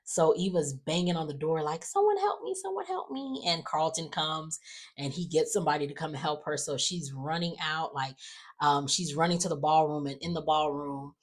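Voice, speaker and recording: A woman casually recapping soap opera episodes, chatty and full of fillers, acting out quotes. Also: low voice. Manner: chatty, many fillers and restarts, acts out quotes.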